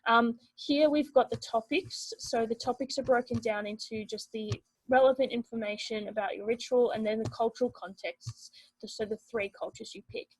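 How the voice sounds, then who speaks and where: A young woman teacher, explaining an assessment rubric to students in a steady, explanatory way with many fillers. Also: fairly high pitch, normal speed, poor audio. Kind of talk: recorded classroom lesson explaining a rubric.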